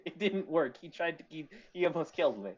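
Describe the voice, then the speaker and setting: Lively and fairly quick, this man's fairly high voice jokes and curses freely during a casual tabletop game session where he is a player. The audio is dull lo-fi with faint music in the background.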